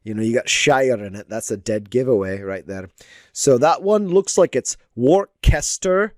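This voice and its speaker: An animated man at medium pitch and normal speed, recorded in clean studio sound without echo. As a digital artist streaming his drawing, he chats casually, rambles, drops lots of filler words, and offers playful mock lessons.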